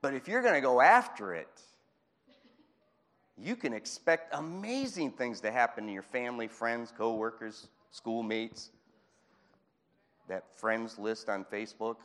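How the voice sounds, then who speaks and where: Animated preacher in an echoing hall. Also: male voice, mid-range voice, a little slow, long pauses. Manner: animated, acts out Bible scenes, chuckles. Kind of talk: sermon.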